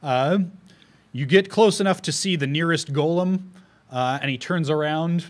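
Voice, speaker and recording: A man's voice: a little high, normal speed. A man narrating a tabletop fantasy game as game master, rambling with many fillers and restarts.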